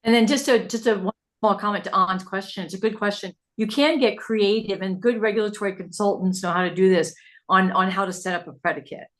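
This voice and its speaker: A woman on a workshop panel adding a brisk advisory comment. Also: medium pitch. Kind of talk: online workshop remark.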